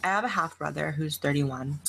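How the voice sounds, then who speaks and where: A woman being interviewed, answering in a relaxed, laid-back way with lots of "like" fillers. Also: low voice, brisk, vocal fry, slight background noise. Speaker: interview guest, YouTuber. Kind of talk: casual interview chat.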